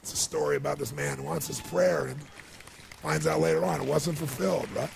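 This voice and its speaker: A man giving an emotional storytelling speech as a motivational speaker, swinging from hushed to loud and high when moved. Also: animated, a little fast, background noise. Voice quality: gravelly.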